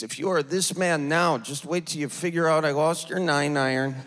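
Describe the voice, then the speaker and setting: A man's voice: on the high side, a little fast, few pauses, long reverb tail, noisy background. A man from the American Midwest with an Upper Midwest accent, performing a stand-up comedy set and acting out people in dialogue. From Midwest United States. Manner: self-deprecating, acts out characters in dialogue. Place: large theater stage with audience.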